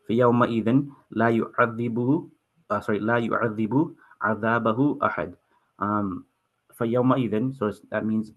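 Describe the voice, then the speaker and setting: A young man teaching a Quran translation class, halting and restarting often and apologizing for stuttering. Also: lowish voice, narrow, tinny audio. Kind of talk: online Quran translation lesson.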